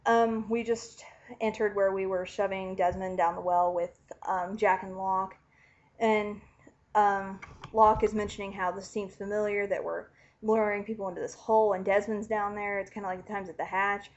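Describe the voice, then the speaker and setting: Woman recapping a show, super animated and chatty, kinda muffled lo-fi audio. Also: medium pitch, moderate pace. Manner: animated, chatty, swears casually. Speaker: vlogger recapping a TV finale. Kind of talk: casual excited recap. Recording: dull lo-fi home recording.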